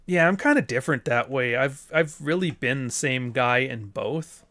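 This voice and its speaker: A man's voice: mid-range voice, bright, forceful tone. A man hosting a live stream, chatting casually with a guest, cursing freely and joking. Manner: profane, joking, quick asides. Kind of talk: casual chat.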